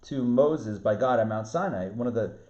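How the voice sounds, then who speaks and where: A man, a rabbi, teaching an online Torah class, lively, restarting phrases and asking his students questions. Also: medium pitch, moderate pace. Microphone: video call. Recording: roomy, muffled video-call audio.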